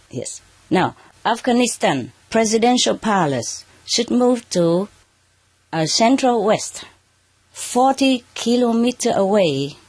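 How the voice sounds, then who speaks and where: A spiritual teacher addressing a live audience under spotlights, speaking halting, non-native English and often checking in with "okay" and "huh". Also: medium pitch, no echo. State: slightly emotional at moments. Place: under bright spotlights, indoors.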